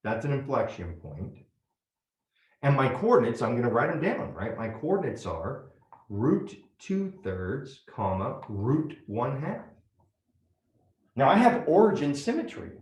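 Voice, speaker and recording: Man, math teacher, walks through each step, animated delivery, roomy echo. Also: mid-range voice, a little slow. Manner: step-by-step, asks frequent "right?" checks. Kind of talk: classroom lecture at a whiteboard.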